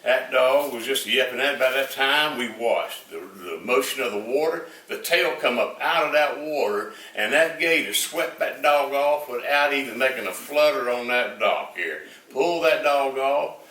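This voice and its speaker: A man's voice: mid-range voice, expressive, normal speed, few pauses, bright, forceful tone, echoey room, far from the mic, rough recording. An older man with a Southern US accent telling a rambling, folksy story full of fillers.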